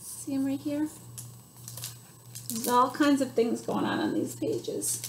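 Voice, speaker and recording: A woman who works as a children's librarian, reading a picture book aloud with animated gasps and animal noises. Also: high-pitched, takes it slowly, roomy sound, a little hiss or hum.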